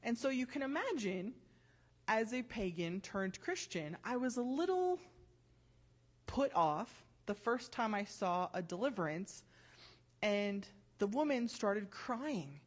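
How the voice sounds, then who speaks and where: Slow-speaking woman giving a church testimony. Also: fairly high pitch, very animated. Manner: conversational, self-correcting, reads scripture aloud. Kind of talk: testimony talk from notes.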